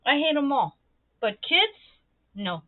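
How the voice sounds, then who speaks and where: Animated young woman chatting on a livestream. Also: high-pitched, slow, no room sound, phone-quality sound. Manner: animated, swears freely, acts out quoted voices. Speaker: livestream host. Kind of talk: casual livestream chat.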